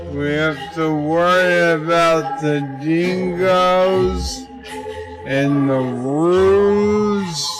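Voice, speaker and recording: A man doing a put-on Australian accent as a rambling, jokey bloke telling tall tales. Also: fairly high pitch. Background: music.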